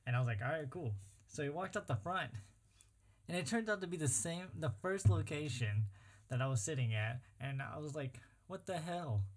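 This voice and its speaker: A young man in casual chat, telling a story in a relaxed, joking way with plenty of filler words. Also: fairly high pitch, a little fast.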